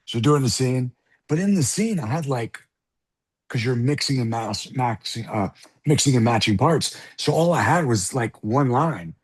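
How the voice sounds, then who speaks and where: Husky, animated middle-aged man telling stories. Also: mid-range voice, moderate pace. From South Bronx, New York. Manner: animated, profane, acts out voices in anecdotes. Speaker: guest actor. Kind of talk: casual storytelling interview.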